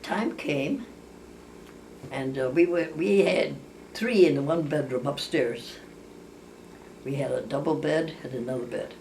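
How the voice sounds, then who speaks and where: Low-pitched, creaky and darkish, this older woman's voice keeps a measured pace broken by long pauses as she casually tells family stories. She rambles, restarting and correcting often, and acts out her characters' voices. The distant mic leaves a faint background hiss.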